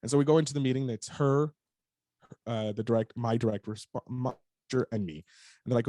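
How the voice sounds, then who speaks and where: A young adult man, a podcast guest, telling a frank, animated story in casual talk and swearing freely. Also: mid-range voice, fairly quick, dry recording, studio quality.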